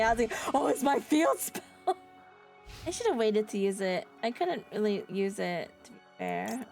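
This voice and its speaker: A woman's voice, on the high side, creaky and a little mellow, comes across expressive at a moderate pace over soft background music. She's live-streaming a card game, chatting with viewers playfully and sarcastically and often laughing.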